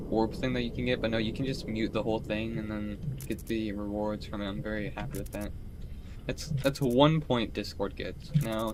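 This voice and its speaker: A man's voice: fairly low pitch, background noise. A young man chatting casually during a game stream, rambling, swearing and laughing often. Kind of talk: casual gaming stream chat.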